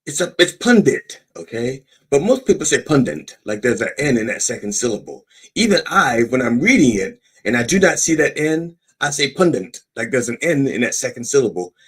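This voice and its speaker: Husky, sarcastic preacher-style podcast host. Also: male voice, mid-range voice, sing-song, moderate pace. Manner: profane, sarcastic asides interrupting read-out news. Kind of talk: irreverent satirical commentary.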